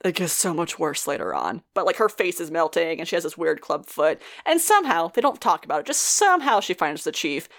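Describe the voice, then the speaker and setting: A woman's voice: lowish voice, very animated, a little fast, few pauses, a bit bright. Chatty woman recapping a show. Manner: chatty, laughs often, swears freely. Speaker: podcast co-host. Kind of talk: casual TV episode recap.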